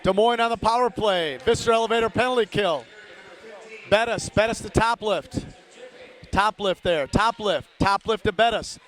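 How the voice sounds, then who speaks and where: A high-voiced male announcer calls a youth hockey game live at a normal speed, rattling off player names and shouting on big plays. Between whistles he chats with listeners, greeting them by name.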